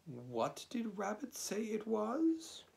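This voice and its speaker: Eeyore, a slow, solemn, gloomy donkey, voiced by a man. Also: high voice, wildly swooping pitch, vocal fry, a little mellow, voice pushed up, heavily acted. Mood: doubtful.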